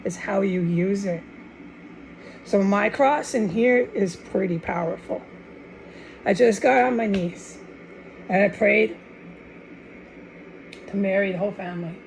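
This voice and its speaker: A woman's voice: mid-range voice, a little slow, vocal fry, long pauses, low-quality recording. A woman giving a fervent, rambling religious monologue to camera, often restarting and dropping in Spanish words. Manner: fervent and insistent. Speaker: online video maker.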